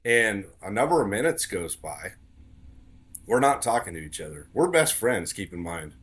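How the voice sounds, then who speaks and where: A man's voice: on the low side, big pitch swings, normal speed, fairly bright tone, slightly rough. A man as a podcast guest telling a story in casual conversation, earnest, repeating words for emphasis.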